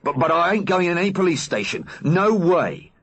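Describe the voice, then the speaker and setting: A man voicing Big Mac, a fierce skinhead teenage boy who shouts and boasts in a husky, high-pushed voice. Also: sing-song, normal speed, heavily acted. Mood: defiant. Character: mad skinhead teen skeleton boy, fierce.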